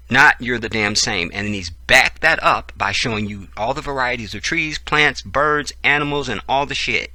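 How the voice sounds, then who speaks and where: A man's voice: medium pitch, moderate pace, sharp tone, no room sound. A man hosting his channel, reading a book aloud and breaking off into profane, preachy commentary. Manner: profane, preachy asides between read passages. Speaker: channel host.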